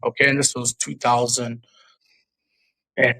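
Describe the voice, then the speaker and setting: Young man from Albania, guest storyteller, gravelly bright voice, animated, acts out quotes. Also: mid-range voice, a little slow, poor audio. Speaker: interview guest. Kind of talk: storytelling in a casual interview.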